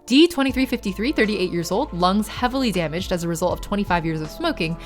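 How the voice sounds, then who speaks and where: A young woman streamer reads documents aloud flatly and chats with her viewers, turning tearful and giggly. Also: medium pitch, fast talker, faint music behind. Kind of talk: live-stream reading and chat.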